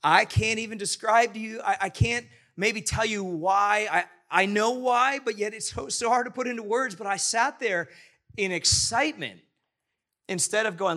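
A man's voice: high voice, moderate pace, sharp tone. A man preaching a sermon as pastor, enthusiastic and rambling, often restarting his sentences.

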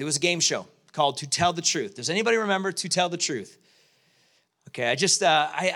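A man in his late forties, a pastor, preaching to his church and praying in a conversational, halting way with many restarts. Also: a little high, a bit bright. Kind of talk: sermon with prayer and storytelling. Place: church sanctuary.

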